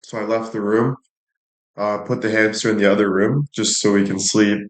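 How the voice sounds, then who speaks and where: Young guy streaming, kinda low voice, crude rambly stories, roomy echo. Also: steady tone, normal speed. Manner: crude, rambling storytelling with frequent swearing. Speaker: livestreamer. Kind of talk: casual livestream chat. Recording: echoey room.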